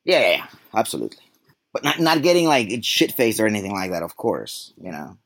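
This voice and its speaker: A middle-aged man hosts a podcast in loose, rambling chat and keeps cracking jokes. His voice sits on the low side. The sound is dry and close, with no room around it. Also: very animated, brisk, fairly bright tone, no room sound. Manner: rambling, joking. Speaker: podcast host. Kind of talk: casual chat.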